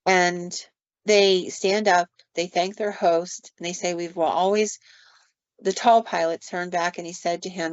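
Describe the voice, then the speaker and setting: A woman's voice: lowish voice, fairly even intonation, a little slow, dry recording. A woman co-hosting a podcast, casually retelling ghost stories with fillers and quoted asides. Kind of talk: storytelling on a podcast. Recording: dull lo-fi dry sound.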